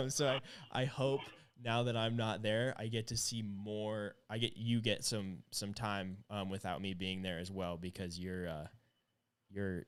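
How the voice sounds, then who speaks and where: A man's voice: on the low side, flat delivery, unhurried, clear, resonant tone. A man hosting a casual livestream chat, upbeat and chatty with plenty of fillers. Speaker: livestream host.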